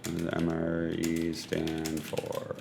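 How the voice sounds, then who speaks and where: A man's voice: low-pitched, completely flat delivery, slow pace, gravelly, background noise. A man in a casual podcast chat, laid-back, laughing often and posing hypothetical questions.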